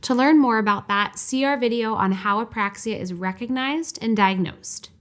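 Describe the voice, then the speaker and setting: A woman giving a scripted, clear and measured narration for an educational video. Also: a little high, a bit bright. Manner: clear, measured, instructive delivery.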